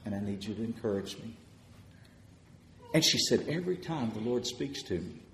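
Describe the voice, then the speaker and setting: A man preaching a sermon, telling stories of answered prayer and swelling louder as he retells people's words. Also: on the low side, animated, normal speed, reverberant, slight background noise.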